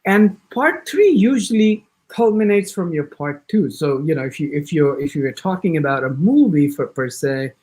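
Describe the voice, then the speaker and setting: A man with an American accent giving an exam-prep orientation lecture, talking in quick bursts with frequent restarts and acting out sample answers. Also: fairly high pitch. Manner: animated, talks fast in bursts with many restarts. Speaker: IELTS instructor.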